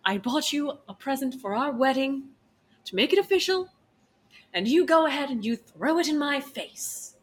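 A woman's voice: medium pitch, normal speed, natural voice. A woman playing a jealous furious wife. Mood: overwrought. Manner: overwrought, mock-dramatic.

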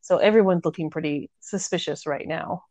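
A woman's voice: low-pitched, moderate pace, darkish tone, no echo. A woman in casual chat, animatedly retelling a novel's plot and acting out the characters' lines with filler words. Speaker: podcast co-host discussing a novel.

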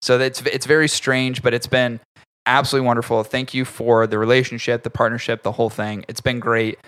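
A man's voice: mid-range voice, level tone, brisk, fairly bright tone, clean tone. A man hosting a podcast from his home basement, chatting casually, laughing often and swearing now and then. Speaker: podcast host. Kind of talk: casual chat.

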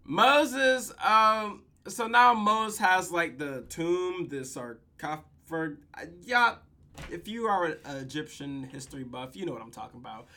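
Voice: medium pitch, unhurried. A podcast host, casually and profanely recapping a TV episode with lots of laughter, tired late at night. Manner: profane, laughing, animated retelling.

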